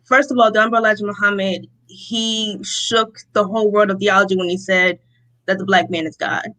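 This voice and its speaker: A young woman from Rochester, New York, a guest telling a personal testimony in an interview, animated and often acting out what people said. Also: mid-range voice, normal speed, rough recording. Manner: animated storytelling, acting out quotes, laughs often.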